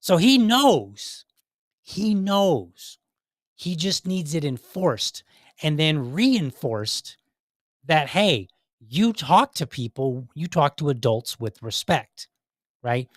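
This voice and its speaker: A man's voice: on the high side, big pitch swings, slow pace, dry recording, clean studio sound. A man hosting a podcast, giving casual, earnest commentary on videos, talking in a rambling way with restarts. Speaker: podcast host.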